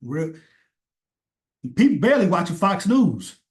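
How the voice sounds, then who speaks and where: A commentator delivers a casual opinion rant in a high, sing-song voice, speaking a little slowly. He rambles, swears often, and stresses his points hard.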